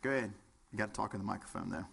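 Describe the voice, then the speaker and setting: A man's voice: fairly low pitch, rapid-fire, creaky, fairly bright tone, slightly rough. Joking folksy fire instructor, Southern man. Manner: joking, folksy, quizzes the audience. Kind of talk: lecture with audience participation.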